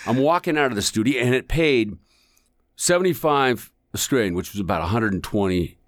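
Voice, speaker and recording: An older man, a voice actor guest, telling stories in a loud, exaggerated, animated way. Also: brisk, dry recording, studio quality. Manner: animated, exaggerated storyteller with big pitch swings. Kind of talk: storytelling conversation.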